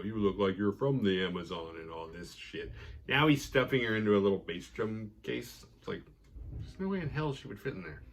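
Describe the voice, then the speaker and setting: A man recaps a TV episode for his podcast in a loose, profane, conversational way. His voice sits low and sounds slightly husky. He keeps slipping into brief acted lines for the characters. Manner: profane, animated retelling with quick acted quotes. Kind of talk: casual recap chat.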